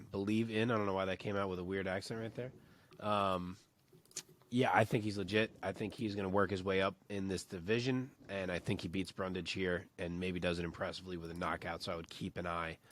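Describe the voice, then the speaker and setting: Low-voiced man giving casual fight picks. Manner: offers picks in a relaxed, conversational way. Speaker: podcast co-host. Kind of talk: casual opinion chat.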